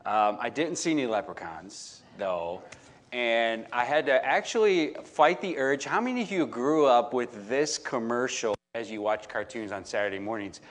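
A man's voice: medium pitch, normal speed. A man preaching, telling a humorous travel story to a live congregation with lots of fillers, restarts and acted-out lines. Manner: animated, full of fillers and restarts, acts out others' lines.

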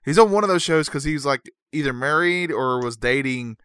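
A man co-hosting a podcast, telling stories in an animated, casual way. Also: a little high, a little fast, clean tone, no echo, clean studio sound. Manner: animated storyteller with laughs and restarts. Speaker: podcast co-host. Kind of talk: casual chat.

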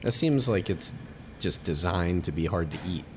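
Low-voiced joking male podcast host. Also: lively intonation, moderate pace, background noise. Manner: joking, teasing, wry asides. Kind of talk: casual chat.

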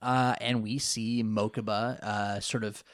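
Low-voiced man recapping casually. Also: flat delivery, measured pace, no echo, studio quality. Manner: rambling, laughing, many fillers. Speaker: podcast co-host.

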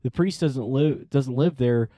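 At a measured pace, a young male priest with a mid-range voice recounts a personal story in a casual interview, in clean studio sound with no room sound. He's animated, acts out the voices he quotes, and frequently says "like."

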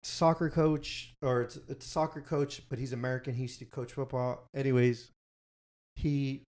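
A man's voice: mid-range voice, level tone, normal speed, a little mellow. Young man rambling on his podcast. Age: young adult. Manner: rambling, self-correcting, recommends shows. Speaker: podcast host. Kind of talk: casual podcast chat.

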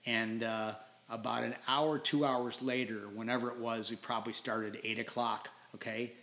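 A bright, forward-sounding man in his sixties, the guest on a casual podcast. He tells his stories with animated energy, laughs often and trips over his own restarts as he goes. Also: mid-range voice, normal speed. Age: 60s. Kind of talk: casual storytelling interview.

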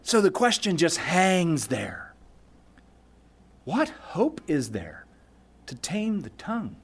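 A man's voice: on the high side, wildly swooping pitch, takes it slowly, breathy edge. A man preaching a sermon, emphatic, asking the congregation rhetorical questions and reading scripture aloud. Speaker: pastor.

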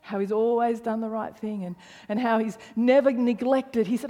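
A woman's voice: on the high side, flat delivery, normal speed, mellow. Emphatic woman preaching in a reverberant hall. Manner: emphatic, repeats phrases for stress, drops to near whisper. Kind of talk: sermon.

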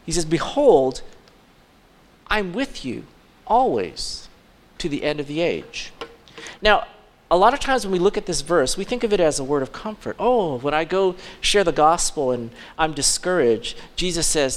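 A man preaching a sermon as pastor, fervent and urgent, dropping into soft mocking asides. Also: fairly high pitch, very animated, normal speed.

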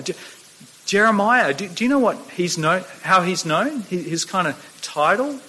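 A man preaching a sermon, earnest, often restarting his words and slowing down to read scripture aloud. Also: fairly high pitch, expressive, bright, forceful tone. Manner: earnest, stammering restarts, slows for quoted scripture. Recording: long hall reverb.

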